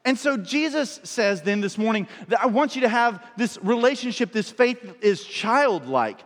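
A man's voice: very high-pitched, animated, moderate pace, in a large hall. A man in his thirties, a pastor preaching a sermon with playful storytelling and comic timing.

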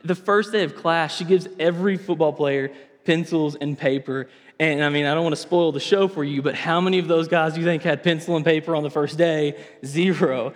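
A young man delivering a sermon lesson in a casual, animated, conversational way, often restarting his phrases. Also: fairly high pitch, brisk. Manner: animated, conversational, self-correcting. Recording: reverberant hall sound.

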